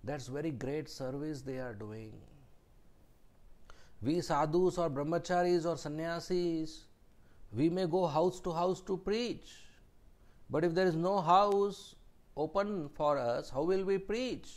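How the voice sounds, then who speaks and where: A man tells a devotional story in a scripture class. His delivery is slow and deliberate. His voice sits fairly high, and he sometimes drops to a hush for emphasis. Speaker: speaker giving a scripture class.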